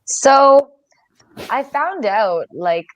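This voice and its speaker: A young Canadian woman in her twenties, a wrestler appearing as an interview guest, chats candidly and laughs often. Her high-pitched voice swings widely in pitch, and she speaks very slowly on a dry recording.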